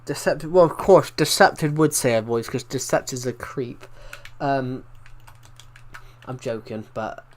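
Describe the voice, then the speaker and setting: A young British man with a mid-range voice talks at a measured pace while live-streaming a game. He reads viewer comments aloud and rambles casually, restarting sentences and swearing mildly.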